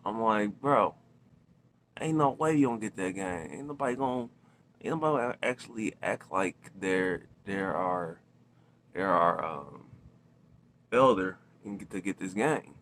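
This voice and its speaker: Dude rambling thru a storytime vlog, slangy, keeps restarting, little bit of room noise. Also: male voice, deep voice, animated, measured pace, fairly bright tone. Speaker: storytelling vlogger. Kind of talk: casual storytime.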